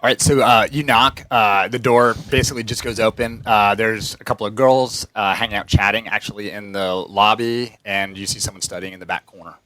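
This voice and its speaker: A man's voice: fairly low pitch, fairly even intonation, fairly quick, hardly any pauses, pushed and bright, dry recording, low-quality recording. A man running a tabletop espionage game as game master, describing scenes with plenty of ums and uhs. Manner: descriptive, filler-heavy scene narration. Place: home studio.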